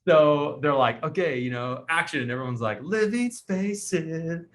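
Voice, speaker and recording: A man's voice: medium pitch, a little fast. A man hosting a podcast, telling a funny story in a casual chat and acting out what people said. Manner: animated storyteller acting out quotes. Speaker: podcast host.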